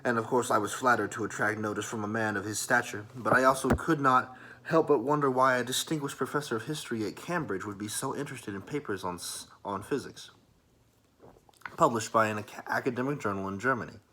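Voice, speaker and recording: Whispered role-play of a thoughtful, courteous young man, as a soft-spoken storyteller plays him. His speech is measured and formal, with a bright, crisp tone. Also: medium pitch, slight background noise, close to an everyday voice.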